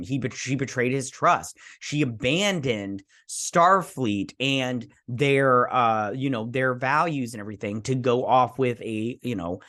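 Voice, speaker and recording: An excitable man rambles through a casual episode recap in a mid-pitched voice, tripping over his words. The sound is dry and close, with no room echo. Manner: rambling, excitable, heavy use of "like". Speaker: show recap vlogger.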